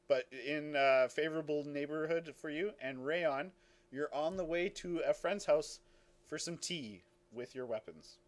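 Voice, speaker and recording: A man running a tabletop game as game master, talking casually with many fillers and quick self-corrections. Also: a little high.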